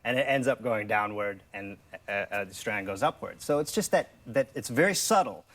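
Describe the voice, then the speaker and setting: A man's voice: lowish voice, lively intonation, moderate pace, fairly bright tone. A man, a coach and TV guest, explaining his method step by step with many restarts. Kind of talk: TV interview. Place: TV studio.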